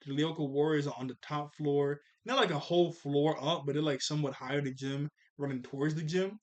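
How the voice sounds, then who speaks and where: A man with a slightly higher-than-average voice recaps a cartoon episode in a loose, chatty way. He laughs often as he walks through the scenes. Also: fairly even intonation, fairly quick. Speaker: cartoon reviewer.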